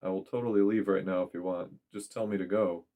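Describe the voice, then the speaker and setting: A man's voice: sits low, steady tone, brisk, mellow. A man doing an awkward, stammering young guy. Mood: reassuring. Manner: hesitant, stammering.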